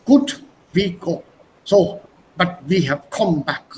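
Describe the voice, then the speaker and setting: Slow, drawn-out comic-book warriors boasting in a thick mock German accent, as a man with a fairly high voice reads them aloud to his class. The voice sounds a touch distant from the mic. There is a faint hiss of room ambience behind it. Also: animated, mellow. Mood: mock-boastful.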